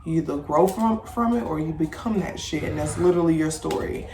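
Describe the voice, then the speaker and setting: A woman hosting a casual podcast chat, talking bluntly with plenty of swearing and lively storytelling. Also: low voice, brisk, roomy sound. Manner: blunt, profane, animated storytelling. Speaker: podcast host. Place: home room with incense.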